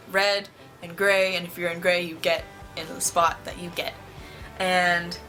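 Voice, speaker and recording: A woman vlogger telling a story to camera in an excited, gushing way, with lots of "like". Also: fairly low pitch.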